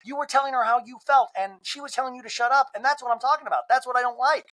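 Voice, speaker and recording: A man voicing a brash, combative woman reality star who talks loudly and with emphasis. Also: very high voice, rapid-fire, voice pushed up. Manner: loud, emphatic, raised voice.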